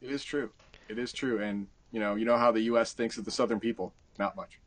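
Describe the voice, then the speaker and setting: A man's voice: on the low side, fairly even intonation, a little fast, no room sound. A man co-hosting a casual podcast with wry, self-deprecating banter. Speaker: podcast co-host.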